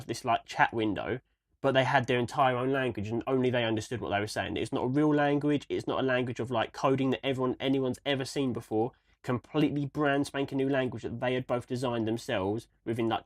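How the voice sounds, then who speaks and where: A man's voice: medium pitch, no room sound. Young male co-host, rambling, sweary, mid voice, dry close mic. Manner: swears freely, rambling and excitable. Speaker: podcast co-host. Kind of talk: casual livestream chat.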